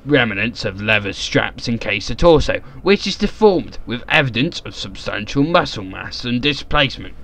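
A man voicing a grave, theatrical Victorian gentleman in a horror game's notes. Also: mid-range voice, animated, normal speed, few pauses. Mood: clinical dread. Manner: theatrical reading voice.

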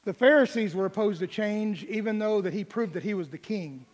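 Middle-aged male pastor, very high voice, folksy humorous preaching, reverberant sanctuary. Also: brisk. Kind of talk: sermon. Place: church sanctuary.

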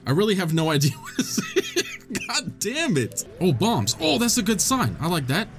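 Young man, gaming commentary, joking, lively swooping voice, slightly high, faint music behind. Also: moderate pace. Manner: joking, talks back to the game characters. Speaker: gaming channel host. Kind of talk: casual let's-play commentary.

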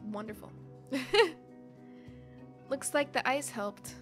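A woman's voice: on the high side, takes it slowly, a bit bright, soft background music. A woman YouTuber reading a webcomic aloud and reacting to it, bubbly and gushing, with frequent giggles.

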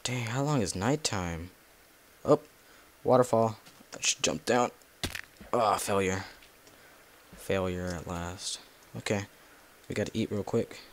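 A man's voice: lowish voice, takes it slowly, pauses often, slight background noise. Rambling young-sounding man playing a game. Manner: rambling, talks to himself and cusses at monsters. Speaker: gameplay video creator. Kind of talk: casual gameplay commentary.

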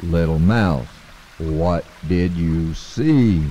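Man doing a wise old frog, deep voice, slow and patient, long hall reverb. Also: dark tone. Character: wise calm old male frog, keeper of the river.

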